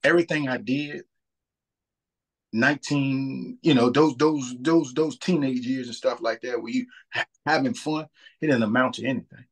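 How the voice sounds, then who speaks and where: A man in his thirties with a husky voice speaks in an ordinary middle pitch. He talks about faith in a casual, earnest way. He often restarts and repeats words as he works out a thought. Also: steady tone, unhurried. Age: 30s.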